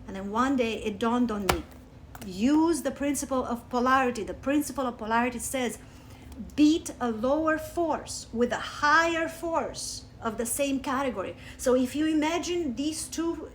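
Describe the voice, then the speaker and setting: A woman from Romania, teaching spirituality on a livestream through animated personal stories and emphatic swings down to soft asides. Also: high-pitched, normal speed, slight background noise. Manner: animated, storytelling, emphatic with sudden soft drops. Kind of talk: live-streamed teaching talk with personal stories. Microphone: phone.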